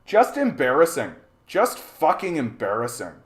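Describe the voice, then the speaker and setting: A man's voice: on the high side, huge pitch swings, a little slow. A man from Canada hosting a livestream, ranting angrily at his chat, mocking and swearing, often repeating and stumbling over words. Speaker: livestream host. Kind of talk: angry rant to a live chat.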